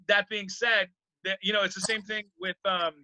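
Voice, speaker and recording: A man's voice: high voice, flat delivery, normal speed, pushed and bright, no echo, low-quality recording. A man, a comedian, chatting casually in an interview, rambling with many fillers and restarts.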